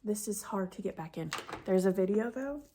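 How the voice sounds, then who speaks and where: A sniffly woman knitting vlogger chatting excitedly as she unboxes a gift, sometimes dropping to a whisper. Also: medium pitch, moderate pace, noisy background. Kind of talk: casual unboxing chat.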